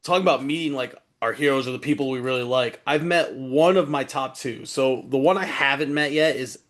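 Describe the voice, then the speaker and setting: A man's voice: medium pitch, fairly quick, fairly bright tone. A man chatting as a podcast guest, easygoing, laughing often and trailing off mid-sentence. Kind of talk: casual chat.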